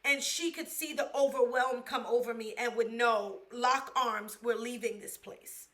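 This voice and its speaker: A woman's voice: a little high, steady tone, a little slow, pushed and bright. A young woman from the Bronx, hosting a podcast and candidly telling her own life story, emotional and slangy, addressing listeners as y'all. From the Bronx, New York. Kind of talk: personal storytelling monologue.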